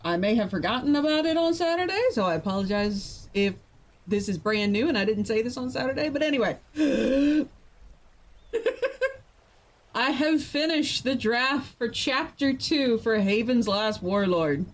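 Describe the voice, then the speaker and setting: A tired woman chatting playfully with her live-stream viewers as she gets ready to write. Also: a little high. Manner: chatty and playful, quick to laugh. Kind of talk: casual live-stream chat.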